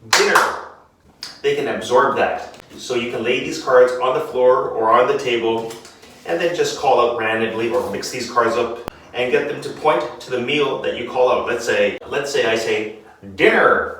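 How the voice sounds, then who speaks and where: A man teaching English vocabulary to children, demonstrating a lesson and drilling words slowly and clearly. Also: medium pitch, fairly bright tone, recorded from a distance, a little hiss or hum. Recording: very echoey room, off-mic.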